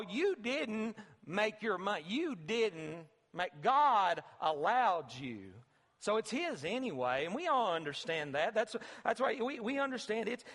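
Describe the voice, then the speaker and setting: A man's voice: sits high, a bit bright, big-room sound. A man preaching a sermon as pastor in a church sanctuary, talking in a conversational way with repeated phrases and sudden emphatic bursts.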